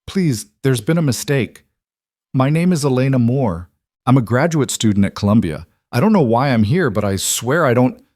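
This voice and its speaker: A man's voice: lowish voice, very animated, normal speed, a little mellow, no room sound. A panicked young woman pleads and stammers in a raised, strained voice, as a male narrator puts her on. The recording is dry and close, with no room sound. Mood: pleading, frightened. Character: terrified young woman graduate student, pleading.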